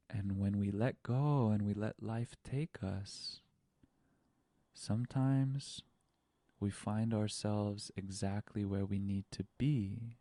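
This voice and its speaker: A man hosting a spiritual podcast, telling a story in a slow, dramatic way, with repeated phrases and swings between whispers and panicked outbursts. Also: on the low side, fairly even intonation, warm tone, no room sound. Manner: repetitive, hypnotic phrasing. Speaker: podcast host.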